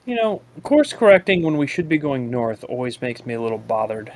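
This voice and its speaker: Lively wisecracking man in game chat. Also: mid-range voice, a little fast. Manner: dry wisecracking. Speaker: gaming commentator. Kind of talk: casual gaming chat.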